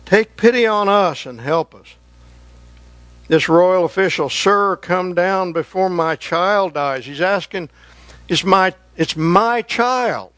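A man preaching a sermon in an earnest way, slowing down and rising in pitch to stress his points. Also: lively intonation, a bit bright, no room sound. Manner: slow, earnest preaching that rises in pitch for emphasis.

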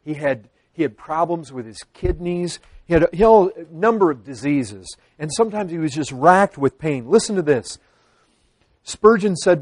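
A man preaching a sermon to his congregation, earnest, with dramatic pauses and quoted pleas. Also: fairly high pitch, lively intonation, no echo. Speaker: pastor.

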